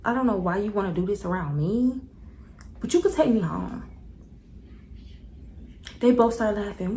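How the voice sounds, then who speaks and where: A young woman tells a storytime in a casual, slangy way and speaks right to her viewers. Her voice sits at a middling pitch with plenty of gravelly fry. There is a faint room hum behind her. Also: normal speed, pauses often, poor audio. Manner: animated, slangy, talks straight to viewers. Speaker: vlogger.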